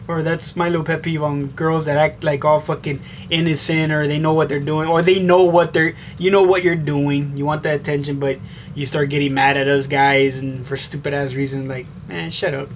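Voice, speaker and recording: A young man with a somewhat high voice talks casually to his camera, blunt and loaded with swearing. He rambles, circling back with fillers as he goes. A faint hiss of room noise sits under the recording. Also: level tone, normal speed. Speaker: vlogger answering tag questions. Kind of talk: casual chat.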